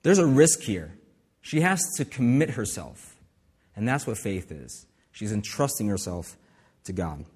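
A man's voice: on the low side, big pitch swings, measured pace, darkish tone, slightly rough, big-room sound. A man preaching a sermon as pastor, in a conversational way with asides and restarts.

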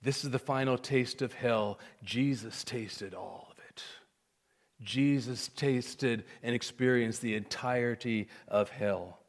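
A man preaching a sermon, swinging from hushed, intimate lines to loud, emphatic cries. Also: mid-range voice, slow. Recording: long hall reverb.

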